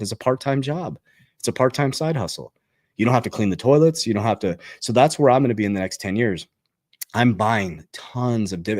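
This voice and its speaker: A man's voice: darkish tone, no room sound, studio quality. Fired-up man giving emphatic money talk. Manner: emphatic and repetitive, keeps asking "okay?"; gets fired up, pitch jumps on punchlines. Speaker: crypto and investing channel host. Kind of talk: motivational finance talk to camera.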